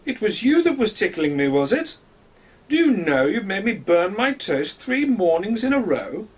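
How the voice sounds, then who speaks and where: A man's voice: high-pitched, very animated, normal speed, breathy edge, voice pushed up, full character voice. A man voicing a grumpy, stern sun in a children's story, scolding in a raised voice. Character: grumpy male sun, stern but fair.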